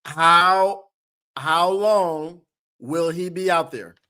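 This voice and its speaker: A man hosting a live sports watch-party stream, often shouting and whooping with excitement and laughing. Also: fairly high pitch, extremely slow, clear, resonant tone.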